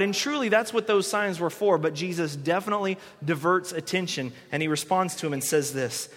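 A man's voice: high voice, fairly quick, few pauses, a bit bright. A man preaching a conversational sermon, acting out the people he quotes. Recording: long hall reverb.

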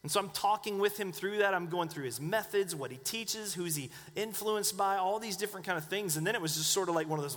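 High-voiced pastor in a reverberant hall. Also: male voice, expressive, fast, a bit bright. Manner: conversational, asks the congregation questions. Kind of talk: sermon. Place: church.

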